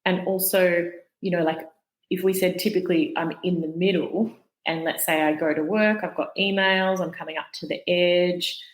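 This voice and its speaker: Woman, lowish voice, calm and explanatory, guest expert, roomy echo. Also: moderate pace. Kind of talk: explanatory interview talk.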